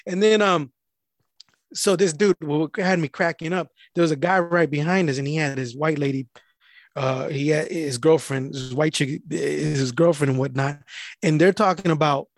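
Dude telling a wild story, doing everyone's voices, dry close sound. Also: male voice, fairly high pitch, moderate pace, no room sound. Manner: animated, acts out the people he quotes. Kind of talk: casual profane storytelling.

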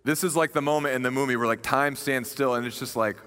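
A man's voice: mid-range voice, steady tone, fast talker, hardly any pauses, fairly bright tone, clean tone. A young man preaching a sermon in a conversational, earnest way, retelling a story with animation. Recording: long reverb of a large hall.

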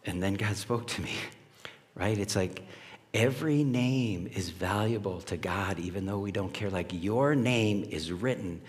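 In a church sanctuary with the long reverb of the hall, a pastor with a fairly low voice preaches a little slowly. His sermon is conversational, and he puts questions to the congregation.

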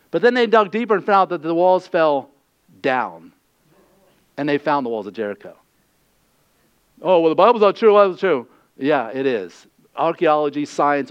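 A man preaching a sermon as a lively storyteller who asks his listeners questions as he teaches. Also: on the high side. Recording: dull lo-fi recording.

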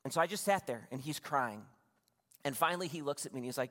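A man's voice: a little high, animated, quick pace, pushed and bright. A man preaching a sermon as a pastor, telling a personal story in a conversational, confiding way with asides to the congregation. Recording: long reverb from a large room.

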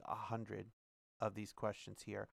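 A man's voice: fairly low pitch, monotone, measured pace, creaky, dry recording. Chatty male podcast host, dry sound. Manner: chatty, many fillers and restarts. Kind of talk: casual spoken commentary and reading aloud.

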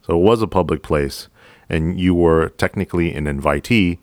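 A man, a police officer hosting a podcast, telling a work story in a calm, casual, profane, deadpan way. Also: deep voice, normal speed, no room sound, studio quality.

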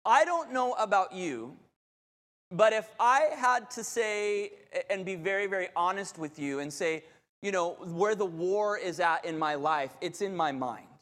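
A middle-aged pastor, preaching in a very high voice that rings through a large reverberant hall. He tells candid stories against himself, stumbling and restarting as he goes. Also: unhurried. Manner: candid, self-deprecating, animated storytelling with many restarts. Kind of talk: sermon with personal storytelling.

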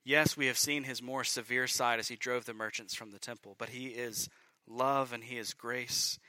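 A male pastor preaching a sermon, emphatic, building to loud peaks and dropping to quiet lines. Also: medium pitch, fairly even intonation, moderate pace, dry recording.

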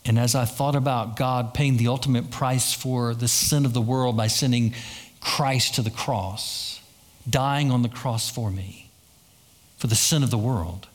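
A pastor delivers a sermon in a medium-pitched, fairly even voice at a slightly slow pace. He tells stories, acts out the lines he quotes, and repeats himself a great deal.

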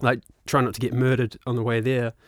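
Animated New Zealand man, 30s, casual storyteller with a mid-range voice, dry close mic. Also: medium pitch, brisk, no room sound. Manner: animated, swears freely, laughs often. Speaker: guest musician and actor.

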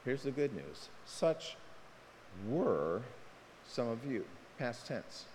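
A man preaching a sermon as pastor, impassioned, his pitch leaping up when he presses a point. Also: sing-song, takes it slowly, darkish tone. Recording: long hall reverb, faint noise.

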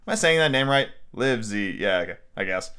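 A man's voice: fairly low pitch, expressive, a little fast, sharp tone, clean tone. Profane, opinionated podcast reader man. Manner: profane, blunt and opinionated asides. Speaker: podcast host reading a novel aloud. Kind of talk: casual audiobook reading with rants.

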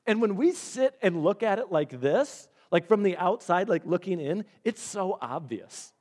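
Lively, conversational male pastor. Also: sits high, moderate pace, few pauses. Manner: animated, conversational, acts out dialogue. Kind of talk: sermon.

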